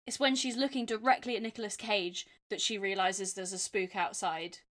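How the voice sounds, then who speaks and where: A woman's voice: medium pitch, steady tone, moderate pace, a bit bright. Playful woman co-hosting a film chat. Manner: playful, theatrical storytelling. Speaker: podcast co-host. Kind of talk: casual film review chat.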